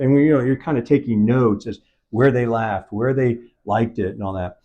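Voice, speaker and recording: A man's voice: mid-range voice, normal speed, warm tone, highs cut off. A man, a film producer, talking in an on-set interview and acting out quoted dialogue as he tells his story. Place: event set.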